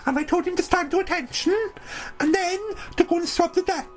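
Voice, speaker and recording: A woman's voice: very high voice, fairly quick, soft background music, rough recording. A woman narrating a comic audio story in character, talking in a brash, boastful, rambling way.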